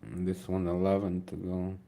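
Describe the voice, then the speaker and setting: A man's voice: low-pitched, moderate pace, creaky. A young man with a Dutch accent, speaking English as a second language, casually commenting on his mobile racing game while tired and yawning. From Netherlands. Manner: relaxed, thinking aloud to viewers.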